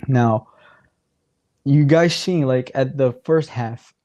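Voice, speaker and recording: A man talks through a soccer match on a casual watchalong stream, his voice going hoarse. He speaks slowly and unhurriedly in a mellow, dark tone, rambling as he tallies up points and games aloud. The sound is dry and close, with no room echo. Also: mid-range voice, muffled recording. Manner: rambling, chatty, counts out standings aloud. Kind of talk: casual live match commentary.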